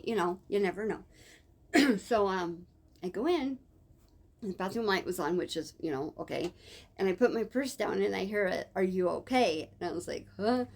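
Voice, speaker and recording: A woman's voice: mid-range voice, darkish tone. A woman telling a personal story in a casual, rambling way, with many fillers and self-corrections. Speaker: vlogger.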